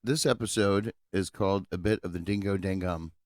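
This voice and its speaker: A man's voice: deep voice, normal speed, dry recording, clean studio sound. A young man co-hosting a podcast in casual chat, laid-back and swearing freely as he laughs along. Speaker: podcast co-host.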